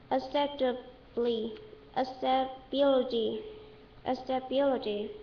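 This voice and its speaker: A woman's voice: sits high, a little hiss or hum. A woman with a Vietnamese accent reading English dictionary entries aloud to practice pronunciation, repeating each word several times and correcting herself. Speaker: English learner. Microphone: webcam. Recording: echoey room, dull lo-fi webcam audio.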